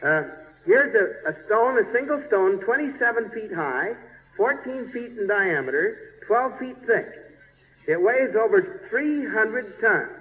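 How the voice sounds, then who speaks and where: A man's voice: high-pitched, expressive, measured pace. A man, a church bishop, narrating a slide show in a folksy, chatty way, checking in with his listeners and groping for place names. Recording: dull 1970s recording with long reverb.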